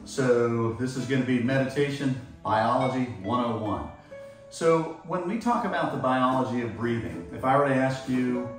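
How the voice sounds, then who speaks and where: A man's voice: mid-range voice, moderate pace, faint music behind. A middle-aged man, a martial arts instructor, giving an explanatory lecture on meditation and biology, often checking in with rhetorical questions. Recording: very echoey room, voice far from mic.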